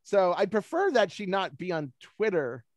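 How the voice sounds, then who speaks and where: A man guest on a video call rambles through self-deprecating anecdotes in a casual, chatty way. His voice sits a little high for a man, and the sound is dry and close. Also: big pitch swings, moderate pace, dry recording. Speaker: guest speaker, baseball forecaster.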